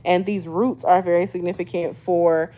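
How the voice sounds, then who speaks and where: A woman's voice: lowish voice, flat delivery, moderate pace, warm tone. A woman in her twenties doing a casual tarot reading to camera, chatty and loose, tacking a questioning "okay?" onto almost every thought as she mixes read-aloud guidebook passages with slangy asides. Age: 20s. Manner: chatty, checks in with "okay?" constantly. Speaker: tarot reader.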